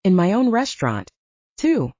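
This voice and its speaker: A woman voicing a big, loud, jovial middle-aged Italian restaurant owner with an Italian accent, effusive and theatrical. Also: mid-range voice, huge pitch swings, normal speed, no room sound. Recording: dull dry audiobook recording.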